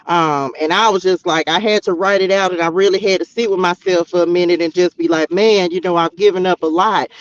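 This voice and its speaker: Addressing his viewers directly as "y'all" and "child," a Texan man delivers a chatty, exclamatory spiritual tarot message. His high voice stays steady in tone as he talks a little fast with hardly any pauses, and the audio is dull and slightly lo-fi.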